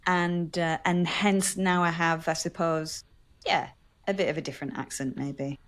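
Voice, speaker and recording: A woman's voice: deep voice, steady tone, a little slow. A woman from Yorkshire with a Yorkshire accent, co-hosting a podcast in a bubbly, playful chat. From Yorkshire, England. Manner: bubbly, playful, mimics voices. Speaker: podcast co-host. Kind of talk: casual chat.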